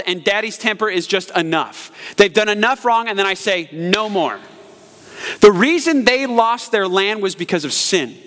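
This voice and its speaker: A man in his thirties preaching a lively sermon as pastor, acting out quotes and jokes. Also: high voice. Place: church sanctuary. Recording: live sermon in a large reverberant hall.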